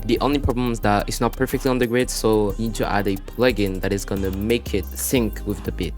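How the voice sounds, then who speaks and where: A man with a French accent giving a casual, rambling music production tutorial over his screen, full of "you wanna" and "you know". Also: lowish voice. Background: beat playback between explanations.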